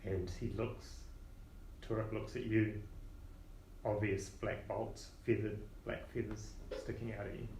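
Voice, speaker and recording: A low-voiced man runs a tabletop game as its narrator, describing the scene loosely and casually. The recording is roomy, with a faint hiss underneath. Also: level tone, a little slow, a little mellow. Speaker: game master. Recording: roomy echo.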